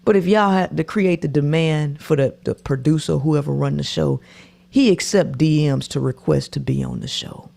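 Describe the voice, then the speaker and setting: Gravelly, preachy woman commentator. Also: low voice, moderate pace, warm tone. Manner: preachy, repeats lines, drops to whispers. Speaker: commentator reacting to a podcast. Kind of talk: reaction commentary.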